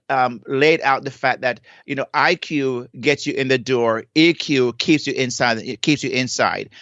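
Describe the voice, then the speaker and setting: A man's voice: medium pitch, fairly bright tone, no room sound. A man from Jamaica, a guest explaining ideas earnestly and often repeating himself. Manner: earnest, repeats and restarts words. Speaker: guest, leadership coach. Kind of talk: explanatory interview talk. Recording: dull lo-fi dry sound.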